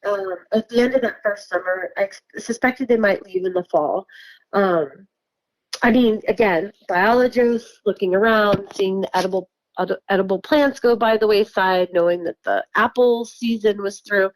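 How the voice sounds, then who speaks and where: In a dry, low-quality recording, a woman from New York chats about her encounters as a guest, with a mid-range voice at a moderate pace. She laughs frequently and her casual telling is peppered with fillers and false starts.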